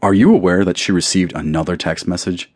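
A weary middle-aged manager, exasperated and fed up. A man reads him in his own deep voice. Dry and close, like a studio audiobook. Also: fairly quick, a little mellow, dry recording. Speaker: audiobook character.

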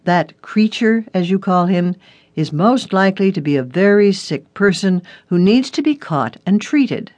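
A narrator voicing a stern male police detective in an audiobook story, reading his lines in a measured, serious way. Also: mid-range voice, animated, darkish tone, dry recording, natural voice. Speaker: detective character.

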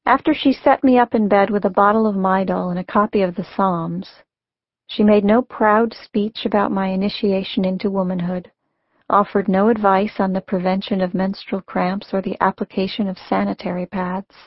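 A woman narrating her own memoir as a scripted audiobook, in a measured, reflective reading. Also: medium pitch, steady tone, no room sound. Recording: dry, dull lo-fi audiobook recording.

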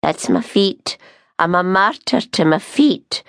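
A woman's voice: fairly low pitch, expressive, a bit bright, dry recording, studio quality, pitched above the performer's own voice, heavily acted. A woman doing a gloomy gossiping old Scottish busybody. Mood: complaining. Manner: slow, sighing and doom-laden.

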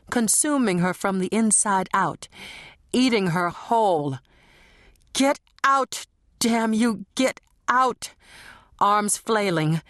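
Woman narrator, unhurried and dramatic, low-set voice, dry close sound. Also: no room sound. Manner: measured, dramatic, sensual. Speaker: audiobook narrator. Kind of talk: scripted narration.

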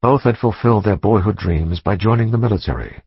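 A man with a very low, gravelly, husky voice narrates a suspense novel in a measured, dramatic manner. The studio recording is dry and somewhat dull. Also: no echo. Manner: measured, dramatic thriller reading. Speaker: audiobook narrator. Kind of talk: scripted narration.

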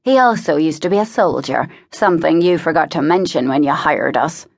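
Woman doing a rough, defiant hired thug. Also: low-pitched, expressive, normal speed, exaggerated voice.

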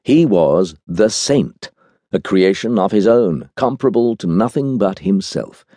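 A male audiobook narrator with a very low, mellow voice reads in an expressive, wry manner. His pitch rises and falls freely. The sound is close and dry, with no room in it. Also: measured pace, no echo.

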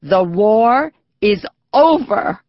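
A formal 1940s radio announcer delivering a bulletin, slow and emphatic, put on by a woman narrator. The sound is close, dry and muffled. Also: medium pitch, animated, no echo.

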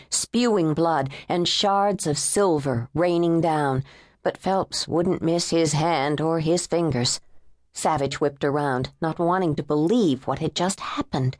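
A woman narrating an unabridged thriller audiobook in a measured, tense storytelling manner. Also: fairly low pitch, no room sound, studio quality. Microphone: close studio mic.

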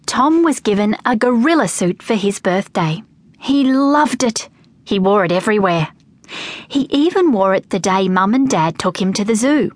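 In this dry recording, a woman with a mid-range voice narrates a children's audiobook at normal speed. Her storytelling is lively and expressive.

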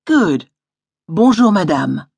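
A woman instructor reading a scripted audio language lesson in a studio, slowly modelling each word to repeat. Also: lowish voice, very animated, gravelly, darkish tone. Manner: patient, slow model pronunciation.

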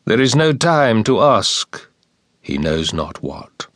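A man reading war poetry aloud as an audiobook narrator, in a slow, measured and solemn recitation. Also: fairly low pitch, very animated, a bit bright, no room sound, studio quality.

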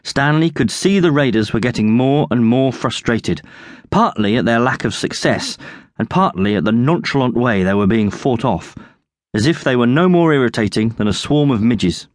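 A man narrating his own children's adventure book with lively, expressive storytelling. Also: mid-range voice, normal speed, dry recording, clean studio sound. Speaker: audiobook narrator and author.

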